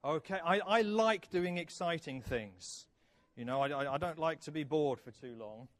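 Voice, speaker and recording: A man's voice: on the high side, expressive, moderate pace. A man in his fifties telling a children's story in church, asking the kids questions and praising their answers. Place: church hall.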